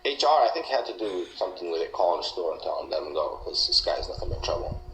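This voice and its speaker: A man from Malaysia gives an earnest, emphatic account, circling back and repeating himself as he talks. His voice sits low. The recording is roomy and echoey, with a faint hiss underneath. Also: sing-song, quick pace, fairly bright tone. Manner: earnest, emphatic, often repeats and restarts words. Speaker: interviewee, former coworker. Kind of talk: recorded interview testimony.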